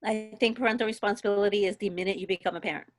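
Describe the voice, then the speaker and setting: Panelist: woman in her forties, mid-pitched voice, emphatic and conversational. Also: steady tone, racing. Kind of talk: casual group discussion.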